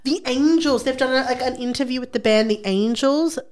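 Lively woman, slightly higher voice. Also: brisk. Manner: animated, laughs often, breaks into reading aloud. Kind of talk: casual chat, reading old magazine ads aloud.

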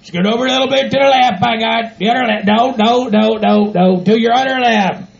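A man doing a gravelly cussing hillbilly rancher. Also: extremely high pitch, a little fast, heavily acted. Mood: grumbling. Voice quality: gravelly, exaggerated country hick voice. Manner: grumbles, swears, keeps repeating "by God". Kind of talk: comedy audio skit. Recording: dull lo-fi home recording.

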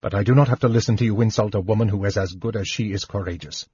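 Steady, restrained noble knight, read by a man, low and muffled. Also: slightly rough. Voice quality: measured, controlled. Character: earnest, honorable male knight, restrained. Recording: muffled lo-fi audiobook recording.

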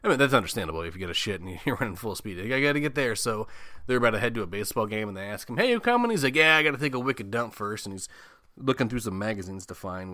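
A man with a fairly low, forceful voice recaps a horror movie in loose, casual chat. He swears constantly and laughs at his own asides, and the sound is dry and close. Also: dry recording. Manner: profane, laughs often, comic asides. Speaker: podcast host.

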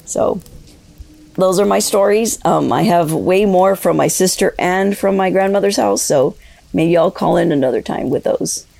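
A woman calling in to share a ghost story, telling it in a rambling, halting way with many fillers. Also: lowish voice, vocal fry, mellow, no room sound. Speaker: caller sharing a ghost story. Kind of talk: casual spoken storytelling.

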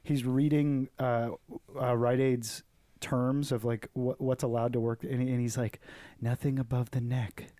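A man's voice: mid-range voice, level tone, a little slow, mellow, clean tone, no room sound. A young man hosting a podcast, chatting crudely and joking, often acting out other people's voices with laughs. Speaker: podcast host. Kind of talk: casual comedic chat.

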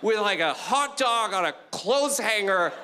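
A man's voice: sits high, unhurried, a little hiss or hum. A middle-aged man doing a stand-up comedy set on a club stage, talking animatedly and acting out voices. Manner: animated, acts out voices and quotes. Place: comedy club stage before a live audience.

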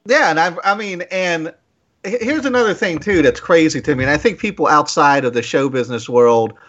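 A man's voice: a little high, brisk, a bit bright. A man hosting an interview who asks thoughtful, probing questions. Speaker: interview host. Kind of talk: conversational interview. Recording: dull lo-fi sound.

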